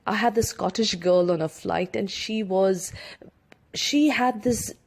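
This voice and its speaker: A woman's voice: medium pitch, unhurried, vocal fry, slightly rough. A woman from India giving career advice as a coach and former cabin crew member, talking chattily with many fillers and restarts. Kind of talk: instructional talk to camera.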